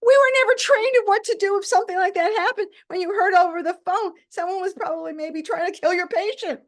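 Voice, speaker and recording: A man's voice: very high-pitched, very animated, moderate pace, darkish tone, pitched above the performer's own voice, exaggerated voice. A woman voicing a flustered male doctor who keeps repeating himself in panic, over a video call. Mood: upset.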